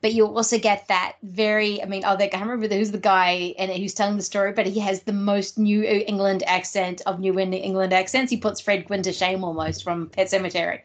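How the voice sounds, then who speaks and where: A woman's voice: mid-range voice, level tone, a little fast, hardly any pauses. Enthusiastic woman podcast host. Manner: enthusiastic, laughing, with many fillers. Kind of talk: casual chat.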